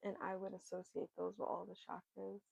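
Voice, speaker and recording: A woman doing an oracle card reading, giving gentle, earnest encouragement that repeats its key words. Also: on the low side, flat delivery, a little fast, gravelly, husky, dry recording, lo-fi sound. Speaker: spiritual card reader.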